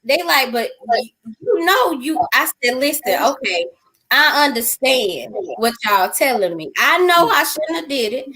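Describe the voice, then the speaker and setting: A middle-aged woman with a high voice recounts a personal ordeal as an interview guest. She tells it with lively energy and slips into the voices of the people in her story. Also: unhurried, breathy edge, rough recording. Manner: acts out quoted dialogue in lively voices. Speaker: interview guest sharing a testimony.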